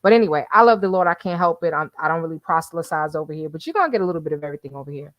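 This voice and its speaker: A woman's voice: low voice, animated, racing, no echo, dull audio. Chatty woman hosting a livestream. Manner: chatty, laughs often, addresses viewers as y'all. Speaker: livestream host reading the chat. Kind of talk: casual livestream chat.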